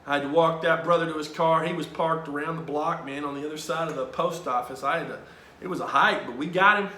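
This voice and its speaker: A man voicing a cheerful gentle priest. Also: on the high side, fast, echoey room, a little hiss or hum. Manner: warm, upbeat, brotherly.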